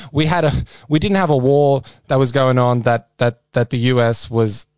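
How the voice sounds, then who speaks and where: A man's voice: medium pitch, fairly even intonation, unhurried, a little mellow, clean tone, dry recording, clean studio sound. An Australian man co-hosting a podcast in a rambling, casual chat full of restarts and swearing. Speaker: podcast co-host.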